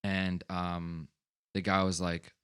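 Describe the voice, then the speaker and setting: A man's voice: low voice, little pitch movement, slow, a bit bright, clear, resonant tone. A man in his twenties from Long Island, co-hosting a podcast and telling a rambling story full of fillers and swearing. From Long Island, USA. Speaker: podcast co-host. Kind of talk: casual chat.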